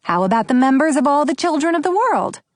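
A confident teenage girl full of big ideas , voiced by a woman reading a storybook. She talks briskly and eagerly, her pitch swinging widely, in a dry, close sound. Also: very animated, no echo. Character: confident teenage girl club leader, bold.

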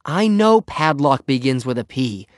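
An impatient schoolboy in a storybook, voiced by a male narrator. He speaks a little higher than the narrator, pleading and bargaining with a lively, rising delivery, in a dry close recording. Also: moderate pace, no echo.

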